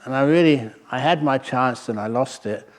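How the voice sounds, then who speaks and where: Wry male monk telling stories. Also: mid-range voice. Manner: wry, anecdotal, pauses with fillers. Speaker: Buddhist monk teaching a meditation retreat. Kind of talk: humorous storytelling dharma talk.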